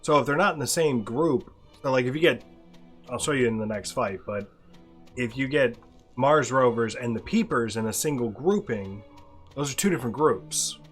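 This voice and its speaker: A man playing a video game and explaining it dryly, often trailing off into a quiet mumble. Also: mid-range voice, expressive, normal speed, faint music behind. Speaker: player and co-host of a gameplay video. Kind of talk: casual gameplay commentary.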